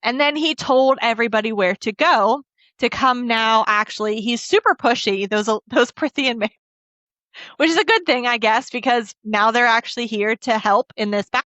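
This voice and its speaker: A woman's voice: a little high, moderate pace, a bit bright, no echo. A woman co-hosting a book podcast, retelling a fantasy novel's scenes in a casual, emotional way and quoting the characters' lines. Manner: emotional, laughs and chokes up while recounting. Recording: dull lo-fi dry audio.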